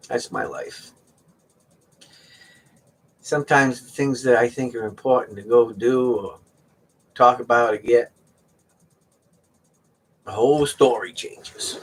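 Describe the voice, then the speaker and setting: Husky, joking man hosting a livestream auction. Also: mid-range voice, expressive, normal speed, pauses often, fairly bright tone. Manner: joking, rambling storyteller who laughs a lot. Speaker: live auction host. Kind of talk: casual live-stream auction chat.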